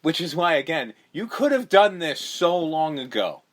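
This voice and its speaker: A man's voice: fairly high pitch, sing-song, normal speed. A man co-hosting a casual movie-review podcast, rambling and swearing freely as he retells scenes. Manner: profane, rambling, acts out quotes. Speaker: podcast co-host.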